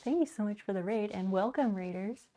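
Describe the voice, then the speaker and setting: With a warm, mid-range voice and a brisk pace, a woman chats casually on a livestream while doing chores and sorting in her home office. She greets and thanks viewers and laughs a lot.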